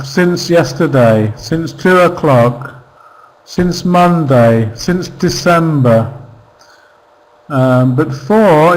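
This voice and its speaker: A male English teacher leads an online grammar class in a slightly high voice. He talks slowly and patiently, repeating example phrases and asking checking questions as he goes. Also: low-quality recording.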